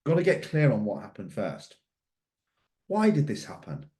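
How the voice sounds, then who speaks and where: A man's voice: medium pitch, huge pitch swings, moderate pace, mellow. A middle-aged man giving a motivational mindset talk, emphatic and fond of repeated questions. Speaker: mindset coach. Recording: echoey room.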